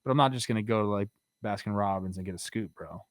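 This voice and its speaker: A man's voice: fairly low pitch, quick pace, no echo, studio quality. A man in his thirties co-hosting a casual baseball talk show, loose and rambling, full of "like" and "um". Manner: loose, rambling, lots of fillers like "like" and "um". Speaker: co-host, former player.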